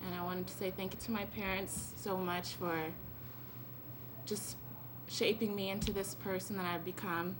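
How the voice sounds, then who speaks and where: A woman's voice: medium pitch, little pitch movement, normal speed. A teenage girl giving a rambling, giggly thank-you speech as an honored student at a school event. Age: late teens. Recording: noisy event recording.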